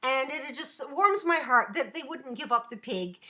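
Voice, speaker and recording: A woman's voice: high-pitched, animated, normal speed, pushed and bright. A young woman chatting casually on a home live stream, giggly and rambling as she reads the chat.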